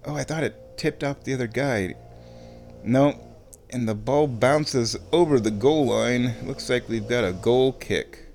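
Man, at home, opinionated ranting, casual match commentary, frequent throat clearing, mid-pitched voice. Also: a little slow, a little mellow, faint music behind. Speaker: fan watching a football match.

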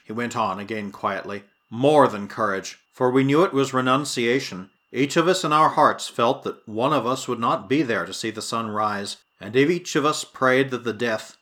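A man narrating an adventure story in a dramatic, expressive reading style. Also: medium pitch, moderate pace, hardly any pauses. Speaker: audiobook narrator. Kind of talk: scripted narration.

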